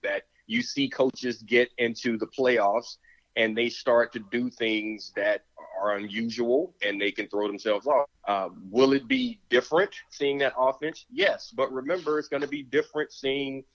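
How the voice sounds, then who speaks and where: A man's voice: mid-range voice, steady tone, unhurried, lo-fi sound. A man, a former football player, arguing his point emphatically in a sports talk show, often repeating words. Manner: emphatic, repeats words, talks himself out of breath. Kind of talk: sports talk, animated argument.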